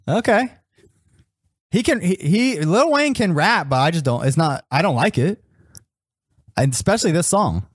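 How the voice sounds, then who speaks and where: Young dude on a podcast pushing back, teasing and laughing, voice bounces up and down, dry sound. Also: male voice, fairly high pitch, very animated, measured pace, pauses often, breathy edge, no echo. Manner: teasing, defensive, laughs often. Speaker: podcast co-host. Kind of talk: casual debate.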